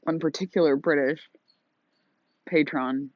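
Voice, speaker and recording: American woman just rolled outta bed, husky breathy voice, rambly ASMR smoking chat, dry dull lo-fi sound. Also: low-pitched, steady tone, no echo. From United States. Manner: rambling and self-mocking, drawn-out words, exhales between phrases. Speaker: ASMR smoking channel host. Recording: dry, slightly dull lo-fi recording.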